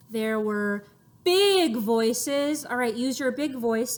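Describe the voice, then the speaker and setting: Woman, children's storyteller, interactive picture-book read-aloud, slow and expressive, slightly high. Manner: expressive, acts out sound effects and invites children to repeat.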